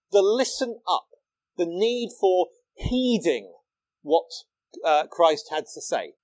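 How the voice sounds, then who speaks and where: A man giving a public lecture, explaining in a lively way and asking rhetorical questions. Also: a little high, no room sound, poor audio. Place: lecture hall.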